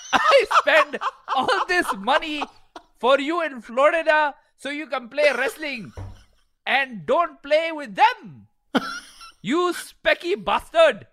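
A man voicing a furious older father who scolds his son in a put-on Pakistani accent, yelling slowly and drawn out. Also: very high voice, very animated, pitched above the performer's own voice, full character voice.

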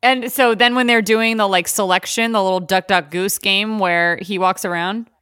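A young adult woman co-hosting a podcast, chatting casually with lots of fillers and quick impressions of people. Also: mid-range voice, steady tone, a bit bright, smooth, no room sound, clean studio sound. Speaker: podcast co-host. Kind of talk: casual chat.

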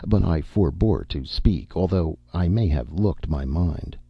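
A man narrating a story in the first person, expressive and melodramatic. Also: sits low, a little slow, vocal fry, slightly rough, no room sound, lo-fi sound. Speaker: audiobook narrator.

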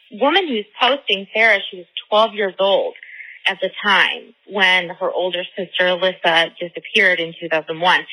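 A woman's voice: mid-range voice, bright, forceful tone, rough recording. A woman in her twenties leaving a rambling voicemail in a playful, put-on Southern drawl. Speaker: voicemail caller.

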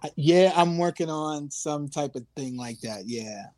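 A man from Newark, New Jersey, as a guest musician telling loose, animated stories with street slang in a casual interview. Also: on the high side, measured pace, no echo.

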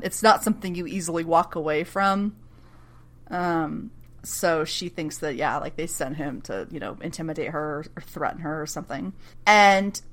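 A woman's voice: fairly low pitch, fairly bright tone. A woman co-hosting a podcast, recapping a TV episode in casual chat, laughing often and swearing freely.

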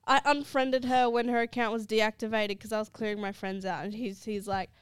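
A woman's voice: fairly high pitch, fairly even intonation, a little fast, clean tone, no echo, studio quality. A young woman co-hosting a podcast, chatting casually and rambling with frequent laughter. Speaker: podcast co-host. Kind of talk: casual chat.

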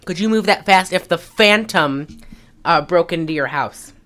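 A woman's voice: on the low side, normal speed, a bit bright. A woman hosting a podcast, recapping a film in casual chat and rambling with many fillers. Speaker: podcast host.

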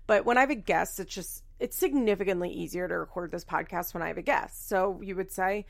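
Chatty young woman with vocal fry. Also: on the low side, brisk, hardly any pauses. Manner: chatty, rambling, swears casually, self-deprecating. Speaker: podcast host. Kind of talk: casual solo podcast chat.

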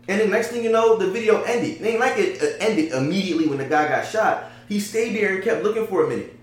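A man in casual debate chat, talking in an animated, conversational way and often checking in with his listener. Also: high voice, quick pace. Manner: animated, conversational, often asks "you get what I'm saying?". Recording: very echoey room.

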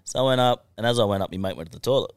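A man's voice: mid-range voice, very fast, smooth, no echo, clean studio sound. A young Australian man on a podcast, telling stories in a casual chat. He swears constantly and laughs through his stories. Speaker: podcast guest.

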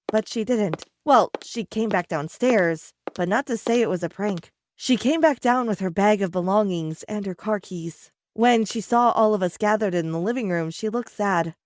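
A woman narrating an animated story in a chatty manner, speaking to the viewer. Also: medium pitch, normal speed, few pauses, no echo, studio quality.

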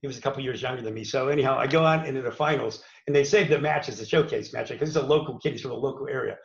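A man's voice: medium pitch, rapid-fire, gravelly. A man from Pittsburgh, a former wrestler, telling his story in a casual, rambling way with many fillers and restarts. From Pittsburgh, USA. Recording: echoey room, dull lo-fi sound.

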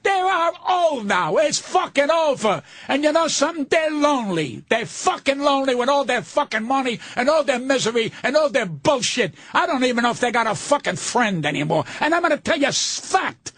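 An older man, a comedian telling blunt, profane stories in a casual interview, with a husky voice. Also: very high-pitched, sing-song, brisk, few pauses, a bit bright, no echo, clean studio sound. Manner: profane, blunt, ranting storyteller. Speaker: guest comedian.

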